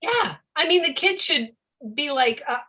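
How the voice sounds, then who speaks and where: A woman teaching a live-streamed presentation on reading for deaf children, animated and often acting out a confused child's voice. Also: high-pitched, unhurried. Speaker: educator of deaf students.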